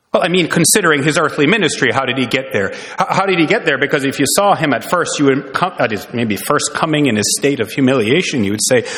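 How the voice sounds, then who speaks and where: A man's voice: medium pitch, quick pace, hardly any pauses, fairly bright tone. Earnest preaching man in reverberant hall. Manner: earnest preaching with rhetorical questions. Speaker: pastor. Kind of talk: sermon. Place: church sanctuary. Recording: long reverb in a church hall.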